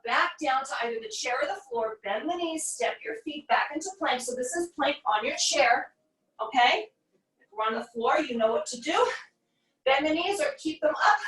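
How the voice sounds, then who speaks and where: Yoga teacher, woman in her forties, high bright voice, encouraging step-by-step cues, a bit winded, recorded from a distance in an echoey room. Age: 40s. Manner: encouraging, cueing breath and poses step by step. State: a little out of breath. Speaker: yoga instructor. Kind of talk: guided yoga class instruction.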